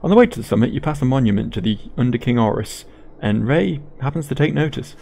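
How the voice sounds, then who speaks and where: A man's voice: mid-range voice, animated, fast, gravelly, warm tone, slight background noise. A man reading game text aloud with playful asides while he plays. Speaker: gaming YouTuber. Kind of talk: game narration and commentary.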